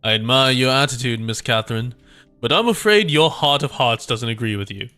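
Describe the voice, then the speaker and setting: A man's voice: mid-range voice, expressive, a little fast, sharp tone, faint music behind. A man voicing a suave villainous male factory overseer in a put-on French accent, in a pompous manner. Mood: smooth, menacing.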